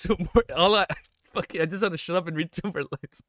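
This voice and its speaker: A young man reads a web novel aloud on a live stream and keeps breaking off into excitable, slangy, swearing reactions. His voice is bright and forceful and sits a little high. The sound is dry and close, with no room echo. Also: fairly quick.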